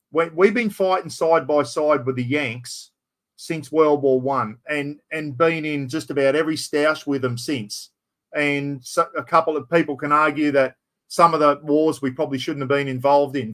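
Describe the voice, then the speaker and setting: A man's voice: fairly high pitch, a bit bright. A middle-aged Australian man in casual chat, rambling and saying "mate" constantly.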